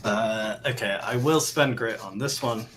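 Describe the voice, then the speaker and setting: Low-voiced laid-back player man. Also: measured pace, background noise. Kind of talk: tabletop game chat.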